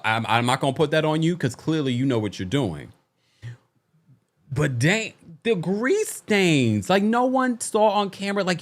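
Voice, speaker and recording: A man hosting a recap show, in casual commentary that is animated and exasperated, with laughing asides. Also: on the high side.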